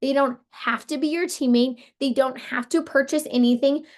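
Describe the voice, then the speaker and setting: A woman with a hoarse, partly lost voice, coaching her sales team on a motivational call in a casual, upbeat way, full of "like" and "you guys". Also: high voice, steady tone, normal speed. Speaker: team leader coaching sellers.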